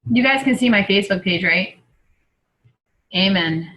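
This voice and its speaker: A woman's voice: medium pitch, expressive, measured pace, a bit bright, low-quality recording. A woman coaching her group on a video call, chatty and rambling as she thinks aloud. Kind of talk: casual video call talk.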